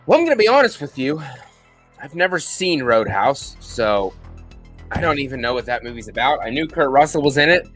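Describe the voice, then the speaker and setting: Man, live-stream host, lively up-and-down delivery, chatty and rambling, faint music under him. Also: medium pitch, fairly quick. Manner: chatty, rambling, thanks viewers by name. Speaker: livestream host answering viewer questions. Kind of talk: casual live Q&A chat.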